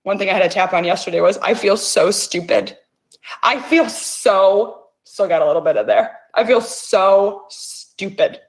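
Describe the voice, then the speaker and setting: Unhurried and medium-pitched, a middle-aged host runs a guided session for emotional release. Her encouragement is intense and peppered with profanity.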